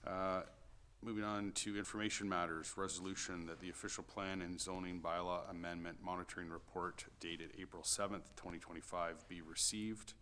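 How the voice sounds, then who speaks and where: A man chairing a city planning committee meeting, reading motions and calling votes in a brisk procedural way. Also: deep voice, level tone, pushed and bright, slight background noise.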